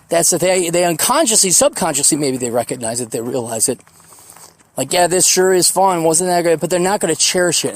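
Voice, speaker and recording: In a solo podcast monologue, a man in his forties drifts from memory to musing, his voice sitting a little high for a man. He rambles loosely and reflectively, swears freely, and mocks others in quick put-on voices.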